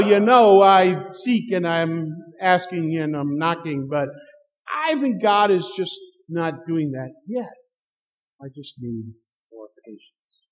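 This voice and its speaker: A middle-aged man preaching a sermon, telling stories and acting out the dialogue with chuckles. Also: high-pitched. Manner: storytelling with acted-out dialogue and chuckles. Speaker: pastor. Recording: long hall reverb.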